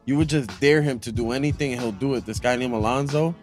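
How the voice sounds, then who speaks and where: A man chatting casually with friends, an animated storyteller who acts out quotes in loud voices. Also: mid-range voice, fast, faint music behind. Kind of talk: casual group chat.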